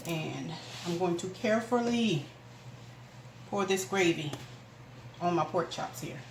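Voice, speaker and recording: A homey, chatty woman talks viewers through her cooking, her voice a little low. She's recorded in an echoey home kitchen, with household noise clearly heard behind her. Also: lively intonation, slow. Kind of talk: casual cooking demonstration.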